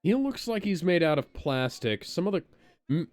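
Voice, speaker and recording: A sardonic podcast co-host with a smooth, resonant voice, giving casual, profane reaction commentary. The rants run on, broken up by mocking fake laughter, and the sound is dry and close. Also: mid-range voice, sing-song, normal speed, darkish tone, dry recording.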